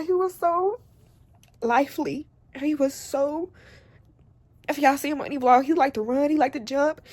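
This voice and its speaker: This young adult woman's voice sits high with a darkish tone, captured with no room sound. Indoors at home, she rambles tearfully to the camera as a vlogger, crying intermittently while confiding in her audience.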